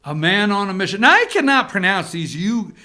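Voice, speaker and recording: A male talk show host with a high, sharp voice and big pitch swings delivers a fairly quick, sarcastic monologue about the news. He speaks directly to his viewers.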